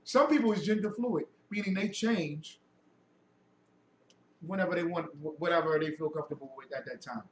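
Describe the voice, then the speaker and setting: A man's voice: fairly high pitch, moderate pace. A man giving a heated lecture to a group, preachy and mocking, firing off rhetorical questions. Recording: echoey room, mic far off, faint noise.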